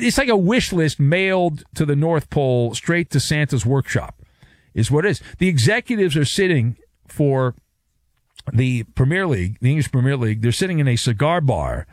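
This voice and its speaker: Sports radio host, man with a high-ish voice that swings all over, sarcastic and jokey. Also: no echo, studio quality. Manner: wisecracking, sarcastic. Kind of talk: sports talk monologue.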